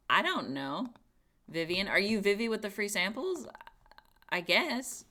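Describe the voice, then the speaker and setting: A woman's voice: medium pitch, expressive, measured pace, bright, forceful tone. A young woman streamer chatting casually and giggling, talking to herself as she reads things out. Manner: chatty, giggly, talks to herself while reading. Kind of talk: casual chat.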